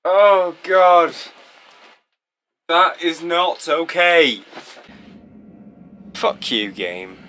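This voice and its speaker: Young guy freaking out playing a spooky game, swears a lot, slow talker, bit higher voice. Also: very animated, sharp tone, a little hiss or hum. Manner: jumpy, swearing, rambling and sing-song. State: frightened. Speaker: gaming video host. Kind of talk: let's play commentary.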